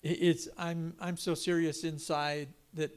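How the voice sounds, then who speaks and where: An older man giving an earnest personal testimony on a panel, halting and restarting as he speaks. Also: a little high, little pitch movement, darkish tone, a little hiss or hum. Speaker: panel guest.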